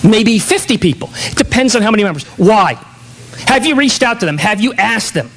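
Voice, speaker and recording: A man's voice: sits high, expressive, brisk, low-quality recording. A man giving a motivational keynote speech at a conference, emphatic and full of rhetorical questions. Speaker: keynote speaker. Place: conference hall.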